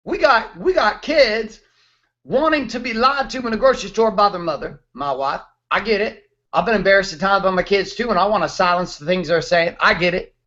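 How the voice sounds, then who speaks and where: A man's voice: high voice, fairly quick, a bit bright, highs cut off. A man in his thirties hosting a show, ranting bluntly and emphatically with plenty of profanity. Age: 30s. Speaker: host, motivational speaker. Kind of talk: fired-up motivational rant.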